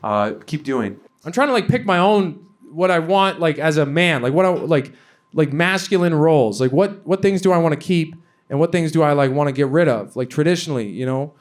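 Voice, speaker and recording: A young man from Canada doing a stand-up comedy set, rambling and halting with lots of fillers. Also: fairly high pitch, expressive. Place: comedy venue with a laughing audience.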